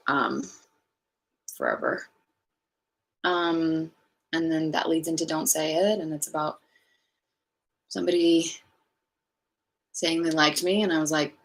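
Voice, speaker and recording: Rambling woman on a livestream, slightly low. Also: fairly bright tone, rough recording. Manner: rambling, many fillers, gets emotional and tearful. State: emotional, near tears. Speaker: singer talking to fans on a livestream. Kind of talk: casual livestream chat.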